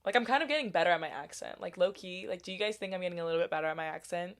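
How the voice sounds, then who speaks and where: Young female reaction YouTuber, sarcastic and crude, lower register. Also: animated, rapid-fire. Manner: sarcastic, profane, bursts into shrieks. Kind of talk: comedic movie reaction commentary.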